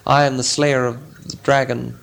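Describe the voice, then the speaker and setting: Man doing a fierce heroic bowman, forceful, commanding, storybook. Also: mid-range voice, level tone, normal speed, creaky. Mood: proud. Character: fierce drenched male bowman, proud hero.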